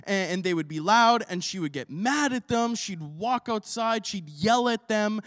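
A man's voice: sits high, animated, measured pace, a bit bright, no echo, clean studio sound, long reverb tail. A man preaching a sermon as pastor, telling a story with energy and asking the congregation questions.

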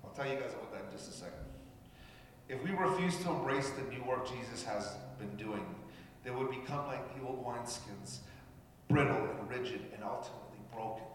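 A man's voice: medium pitch, fairly quick, slight background noise. A man from Canada preaching a sermon, talking conversationally and addressing the congregation directly. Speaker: pastor. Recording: echoey hall with long reverb.

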